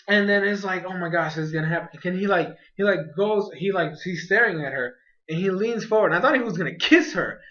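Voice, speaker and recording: A high-voiced young man talks through an anime episode in a casual review, rambling and excitable, stacking fillers and restarts as he goes. The sound is dull and lo-fi, like a cheap home mic.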